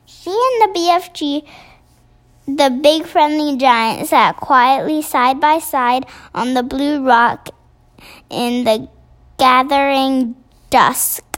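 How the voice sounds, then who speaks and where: A woman narrating a children's storybook in a measured, expressive reading. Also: high voice.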